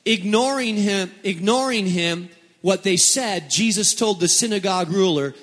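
A man's voice: high voice, unhurried, fairly bright tone. A male pastor preaching a sermon to a congregation, dramatic and repeating phrases for emphasis. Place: church hall before a congregation. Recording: long hall reverb.

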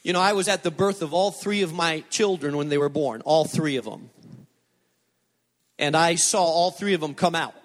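A middle-aged man preaching a sermon as a pastor, telling stories with animated, emphatic repetition. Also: on the high side, moderate pace. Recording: long reverb of a large hall.

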